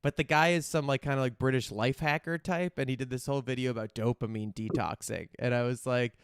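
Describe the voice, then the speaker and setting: A man's voice: medium pitch, fairly even intonation, fairly quick, clear, resonant tone, no room sound, clean studio sound. A man hosting a podcast, chatting in a rambling, candid way and swearing casually. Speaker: podcast host. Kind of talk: casual chat.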